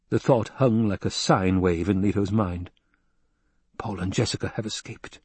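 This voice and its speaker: A man reading a novel aloud as an audiobook narrator, in a measured storytelling manner. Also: fairly low pitch, mellow, breathy edge, no room sound. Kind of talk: scripted narration.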